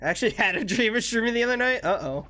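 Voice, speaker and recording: A man's voice: extremely high pitch, expressive, rapid-fire, bright, forceful tone. Laid-back swearing streamer, young man. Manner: laid-back, swears often, laughs a lot. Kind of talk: casual chat with viewers. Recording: faint music behind.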